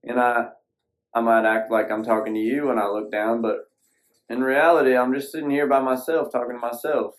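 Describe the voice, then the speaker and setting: A man's voice: medium pitch, level tone, moderate pace, low-quality recording. A man hosting a solo podcast, sitting alone at a screen, talking in a folksy, rambling way with casual swearing. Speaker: podcast host.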